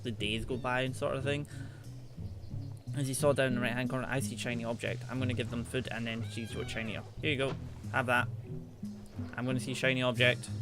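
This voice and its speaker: A man giving chatty, playful let's play commentary, teasing the animals in the game as he plays. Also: a little high. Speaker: gaming channel host.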